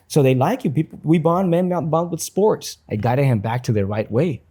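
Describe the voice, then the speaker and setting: A man's voice: a little high, expressive, moderate pace, hardly any pauses, dark tone, husky. A man in his thirties, a guest on a podcast, talking earnestly and reflectively about raising his kids. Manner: earnest, reflective, with fillers and restarts. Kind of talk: casual interview chat.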